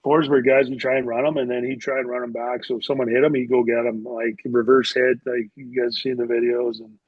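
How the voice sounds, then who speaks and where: A man's voice: mid-range voice, little pitch movement, a little fast, husky, no echo. A middle-aged man, a former hockey player, telling loose anecdotes as a podcast guest and padding them with filler words. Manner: rambling, with many filler words. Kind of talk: casual storytelling. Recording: dull, dry lo-fi sound.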